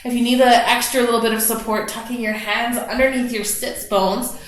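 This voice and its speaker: A woman leading a gentle yoga class, slowly and softly talking students through breathing and stretches. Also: a little high, fairly even intonation. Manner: soft, slow guiding cues with gentle encouragement. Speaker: yoga instructor. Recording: very echoey room.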